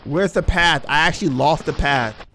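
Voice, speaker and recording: A man's voice: a little high, normal speed, bright, forceful tone, a little hiss or hum. A young man streaming a horror game, reacting casually with slang and talking to his chat. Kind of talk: live gameplay commentary.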